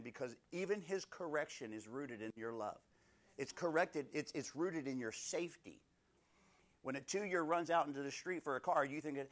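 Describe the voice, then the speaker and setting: A man's voice: a little high, fairly quick, a bit bright. Man teaching a casual Bible study. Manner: conversational, often checks in with "right?". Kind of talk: informal Bible teaching with personal stories.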